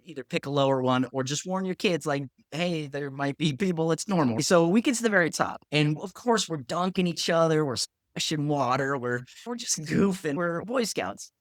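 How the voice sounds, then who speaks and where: A man, a pharmacist, telling a story in a casual, animated way, acting out other people's lines and saying "like" a lot. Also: on the high side, no room sound, clean studio sound.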